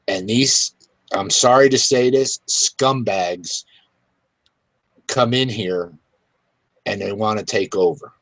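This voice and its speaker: Male talk host; slow, irritated delivery full of fillers, dry sound. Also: fairly low pitch, fairly bright tone, no echo. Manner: irritated, halting, many fillers. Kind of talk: casual political talk.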